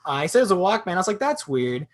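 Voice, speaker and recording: Young man, stand-up from his chair at home; deadpan delivery that swings into goofy voices, bouncy and expressive. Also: sits high, rapid-fire. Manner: deadpan punchlines, animated character voices. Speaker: stand-up comedian.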